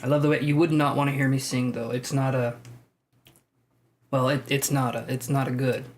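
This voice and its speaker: A man's voice: medium pitch, little pitch movement, normal speed, slight background noise. A man hosting a live tarot stream, chatting casually and joking as he reads out viewer comments. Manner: chatty, jokey, laughs often. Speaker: tarot livestream host. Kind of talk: casual livestream chat, reading viewer comments.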